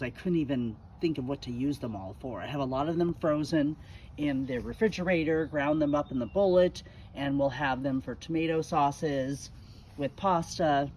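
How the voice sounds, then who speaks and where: A middle-aged woman with a low, slightly mellow voice chats casually and folksily in a garden vlog, rambling along with plenty of fillers. She's filming outdoors in her backyard on a handheld camera, with a little background noise.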